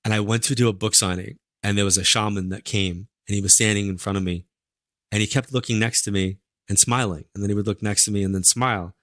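A low-voiced man tells stories as a podcast guest. His talk is chatty and animated, packed with fillers. The recording is dry and close. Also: fast, no echo. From New York. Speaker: psychic medium guest. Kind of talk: casual interview storytelling.

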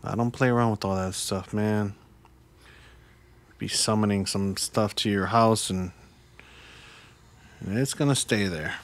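A man hosting a reaction video, giving casual commentary with loud exclamations and joking asides. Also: lowish voice, measured pace, pauses often.

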